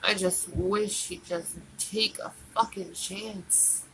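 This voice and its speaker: A woman talks straight to her stream in a slow, drawn-out way, pleading and circling back over the same words. Her voice is bright and a little teary. A faint hiss sits under her. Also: mid-range voice, fairly even intonation, poor audio. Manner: pleading and repetitive. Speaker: livestreamer. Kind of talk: emotional livestream monologue.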